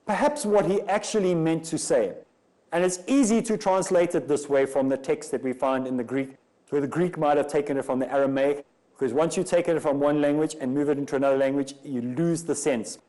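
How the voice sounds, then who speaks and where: Man lecturing, mellow voice. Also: fairly high pitch, a little fast, low-quality recording. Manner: argumentative, rhetorical questions. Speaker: Islamic lecturer. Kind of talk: religious lecture.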